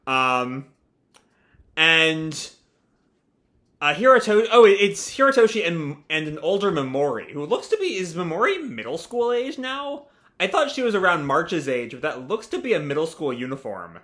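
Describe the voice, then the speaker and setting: A man's voice: fairly high pitch, sing-song, moderate pace, pushed and bright. A young man casually reading a manga aloud and reacting, rambling with many fillers.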